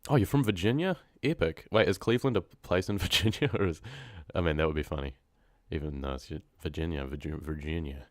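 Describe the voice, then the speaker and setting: A man's voice: rumbling low, fairly quick, hardly any pauses, no room sound, studio quality. A young man with a New Zealand accent, chatting casually and slangily with his live-stream viewers between horror story readings, often laughing.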